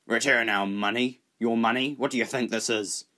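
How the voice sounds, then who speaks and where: A man's voice: mid-range voice, fairly even intonation, moderate pace, bright, forceful tone, close to an everyday voice. A man voicing a cruel, bullying people smuggler in an audiobook, sneering and threatening. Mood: menacing. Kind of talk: audiobook character voice.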